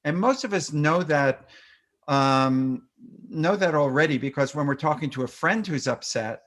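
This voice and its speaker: Higher-voiced man explaining parenting tips. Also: a little slow, fairly bright tone. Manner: explanatory, acts out parent-child phrases; frequent fillers and restarts. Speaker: doctor advising parents. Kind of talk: fireside chat webinar.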